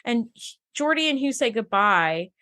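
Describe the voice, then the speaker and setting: Woman podcast co-host, animated pitch swings, gushing and emotional, chatty delivery. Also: a little slow. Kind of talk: casual chat about a TV episode.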